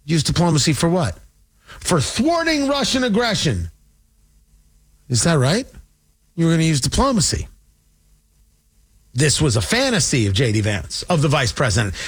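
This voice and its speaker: A man delivering an opinionated political monologue, sarcastic and animated, slipping into mocking voices. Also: on the high side, husky. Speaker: political commentator.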